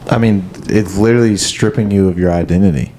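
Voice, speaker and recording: Young dude with a lowish voice, cohosting a podcast, halting and full of "like"s. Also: male voice, fairly even intonation, dark tone, slight background noise. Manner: halting, filler-heavy, reflective. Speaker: podcast co-host. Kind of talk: casual chat.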